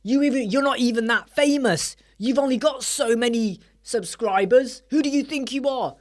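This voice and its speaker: Man mimicking a haughty, defensive plugin rep, pitched up. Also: racing, pushed and bright. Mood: indignant. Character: pushy indignant male plugin company rep.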